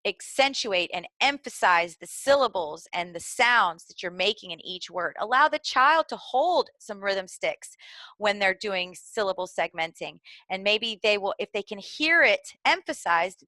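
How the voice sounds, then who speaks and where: A woman's voice: medium pitch, pushed and bright, no room sound. A middle-aged woman with a Southern American accent, explaining early literacy skills to teachers in an earnest, instructional way. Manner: earnest, explanatory, occasional fillers and restarts.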